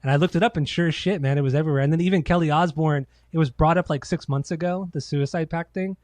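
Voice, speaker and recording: A man's voice: fairly high pitch, fairly even intonation, quick pace, darkish tone, no echo. A man co-hosting a casual podcast, telling loose, profane stories and acting out quotes. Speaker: podcast co-host. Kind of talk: casual chat.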